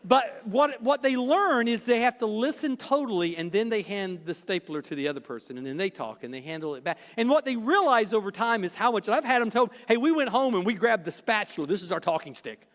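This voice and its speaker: A man's voice: high-pitched, animated, brisk, hardly any pauses, fairly bright tone. A middle-aged man, a pastor preaching a sermon, telling stories with self-deprecating humor and acting out dialogue. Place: church sanctuary. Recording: reverberant church hall.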